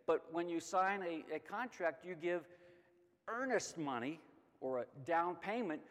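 Middle-aged guy teaching a bible class, a bit high voice, long echo like a big church hall. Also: a little slow. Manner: lively, emphatic, asks and answers his own questions. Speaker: Sunday school teacher. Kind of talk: Bible lesson.

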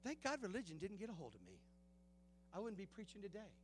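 A man with a Southern US accent preaching a sermon in a church, telling personal stories, swinging from hushed tones to loud bursts and laughing often. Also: sits high, huge pitch swings, fast talker, a little hiss or hum. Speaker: guest preaching pastor. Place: church sanctuary.

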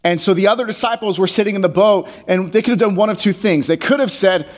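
A man delivering a sermon in a relaxed, conversational way, in a voice pitched a little higher than most men's. He reads passages of scripture aloud, then unpacks them in everyday words. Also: quick pace, hardly any pauses. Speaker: pastor.

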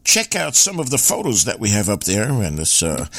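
A man hosts a radio show in a loose, rambling, joking manner. His voice sits low but swings widely up and down in pitch. The sound is dry and close. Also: wildly swooping pitch, a little fast, fairly bright tone, no echo. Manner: chatty, rambling, jokey. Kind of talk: casual radio chat.

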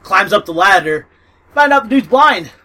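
A man with a bright, slightly high voice rambles through a casual chat about books. He piles on fillers, swears freely and breaks into laughter. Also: big pitch swings, moderate pace, low-quality recording. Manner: rambling, lots of fillers and profanity, laughs often. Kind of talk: casual book recommendation chat.

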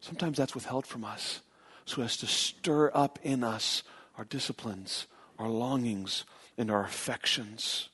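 A man's voice: medium pitch, measured pace, a bit bright, slightly rough. An earnest male pastor delivering a sermon from the pulpit. He talks in an emphatic way, circling back over phrases to drive a point home. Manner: earnest, emphatic preaching with repetitions.

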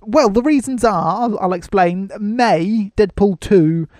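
A man's voice: sits high, slow pace, a little mellow, dry recording, studio quality. A man hosting a casual podcast about films, rambling with frequent laughs and restarts. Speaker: podcast host. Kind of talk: casual film-review chat.

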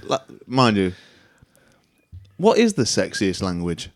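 Male guest, dry wit, lively pitch. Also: takes it slowly. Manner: dry wisecracking. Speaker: podcast guest. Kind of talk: casual chat.

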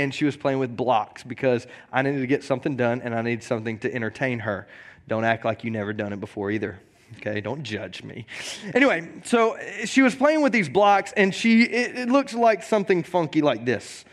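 A man, a pastor, preaching a sermon in a casual, joking way, often repeating words, and reading scripture slowly. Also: mid-range voice. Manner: reads scripture slowly and deliberately.

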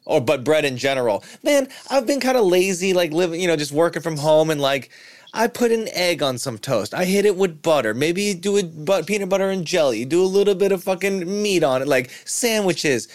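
Laid back podcast guy, kinda high voice, dry close mic, cursing casually. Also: lively intonation, a little fast, dry recording. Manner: laid-back, swears, calls people man and baby. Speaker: podcast co-host. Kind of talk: casual chat.

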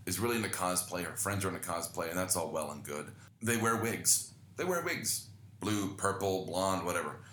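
Deep-voiced man rambling, swearing, roomy sound. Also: sharp tone, a little hiss or hum. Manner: profane, rambling, self-deprecating. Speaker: podcast host. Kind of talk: casual storytelling monologue.

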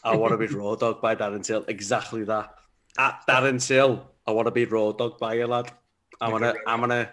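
A man's voice: lowish voice, level tone, a little fast, a bit bright. A man, a podcast co-host who teases his friends and laughs through sweary, casual banter.

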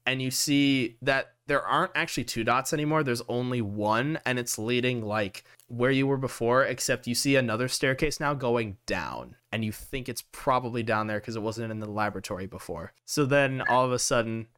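A man's voice: mid-range voice, normal speed, hardly any pauses, a bit bright, smooth. A young man narrating as game master of a tabletop game, chatty and laughing often.

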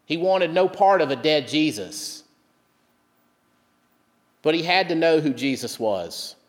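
A male pastor giving a sermon, telling a story and dropping soft and low when he quotes. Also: lively intonation, takes it slowly, long reverb tail. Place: church.

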